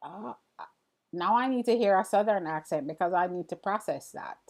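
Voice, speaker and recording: A woman's voice: mid-range voice, moderate pace. A middle-aged woman hosting a live stream, chatting casually and answering viewer comments as they come in. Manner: relaxed, chatty, addresses viewers directly. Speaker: livestream host. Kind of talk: casual livestream chat, reading viewer comments.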